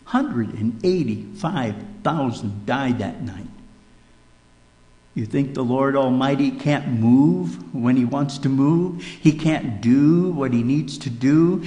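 A pastor from Minnesota with a Minnesotan accent, preaching a dramatic sermon that swings between loud emphatic peaks and hushed lows. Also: male voice. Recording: echoey church hall.

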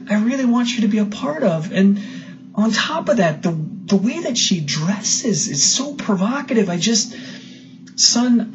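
A preacher voicing a gentle but firm mother who speaks softly and lower to her son. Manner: soft, lower and quieter than narration. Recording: dull lo-fi recording.

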